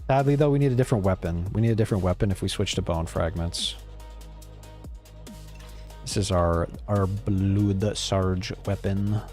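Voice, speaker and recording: A male streamer's voice sits low and has a darkish tone; he speaks briskly but pauses often. He's casually talking to his chat during gameplay, relaxed and swearing here and there, over soft background music.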